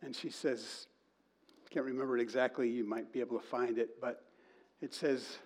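A man preaching to a congregation, telling a story in an animated way and reading quoted lines in a slow sing-song. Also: medium pitch. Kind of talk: sermon.

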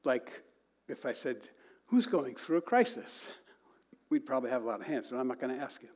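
A man preaching to a congregation, telling a story in an animated way and reading quoted lines in a slow sing-song. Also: mid-range voice. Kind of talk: sermon.

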